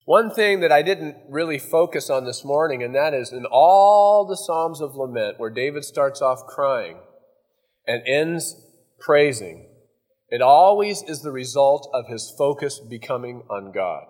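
A man's voice: medium pitch, lively intonation, unhurried, darkish tone, big-room sound. A man preaching a verse-by-verse sermon as pastor, folksy and conversational, often acting out asides.

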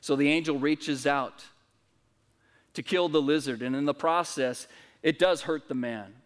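A man's voice: on the high side, a little slow, smooth. A man preaching a sermon at a church service, telling a story earnestly with frequent restarts. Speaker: pastor. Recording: reverberant church hall.

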